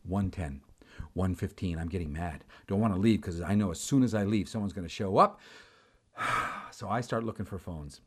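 A man's voice: deep voice, moderate pace, husky. A middle-aged man, a preacher, telling a dramatic, exasperated story in a storytelling sermon.

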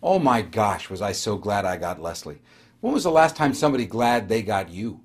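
A man telling a lively motivational story about a phone call, acting out both sides with a husky voice. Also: lowish voice, normal speed. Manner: animated, acts out a phone call. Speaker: guest speaker.

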